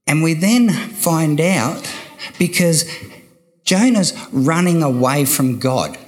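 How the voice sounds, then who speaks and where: An older man preaching a sermon, slow and emphatic, repeating key phrases for weight. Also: a little high, expressive, darkish tone.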